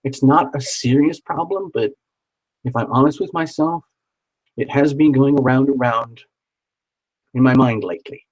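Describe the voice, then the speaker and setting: A man's voice: medium pitch, moderate pace, long pauses, a little mellow, rough recording. A man doing a live tarot reading, chatty and encouraging, who repeats words for emphasis. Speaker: tarot reader.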